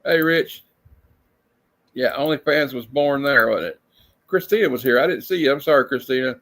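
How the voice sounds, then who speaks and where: A man's voice: medium pitch, moderate pace, fairly bright tone. Offhand man hosting a stream. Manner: reads comic panels aloud in funny put-on voices; chuckling, loose and offhand. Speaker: host. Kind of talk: casual live-stream chat.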